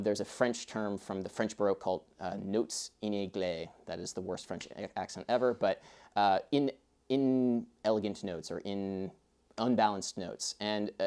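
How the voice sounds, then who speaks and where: Mellow-voiced man explaining rhythm. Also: lowish voice. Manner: chatty, rambling asides. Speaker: music teacher. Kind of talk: casual explanatory lesson.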